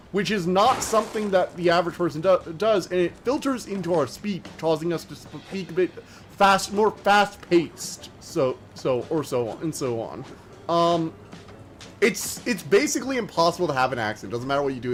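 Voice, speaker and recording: A man streaming a game, chatting casually and rambling, talking fast and slurring his words together. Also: a little high, a little hiss or hum. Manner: chatty and rambling, many fillers. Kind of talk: casual live-stream chat while gaming.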